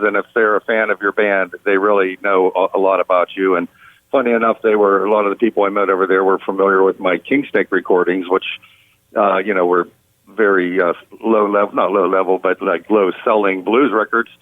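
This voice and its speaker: A man from Pittsburgh, United States, who tours as a rock guitarist, gives an interview by phone, talking casually, relaxed and rambling with many fillers. His voice is on the low side and fairly quick, and the tinny, dry phone line has no echo.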